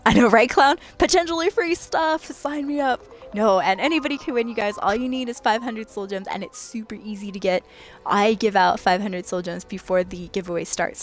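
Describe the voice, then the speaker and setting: A young adult woman streaming a video game late at night, chatting and giggling with her viewers as she plays. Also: mid-range voice. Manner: chatty and giggly, talking to chat while playing. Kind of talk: casual late-night gaming livestream chat.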